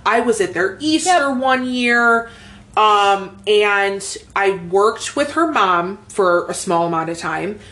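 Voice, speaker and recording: A woman's voice: medium pitch, animated, takes it slowly, few pauses, fairly bright tone. Young woman, podcast co-host, candid storyteller who swears freely and says "like" a lot; casual chat.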